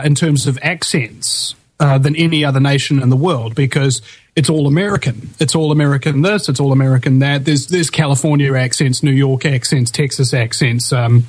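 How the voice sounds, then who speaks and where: A man's voice: on the high side, darkish tone, slightly rough, low-quality recording. A man with a New Zealand accent hosting a talk radio show, chatting casually in a rambling way with frequent ums. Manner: rambling, full of ums and uhs.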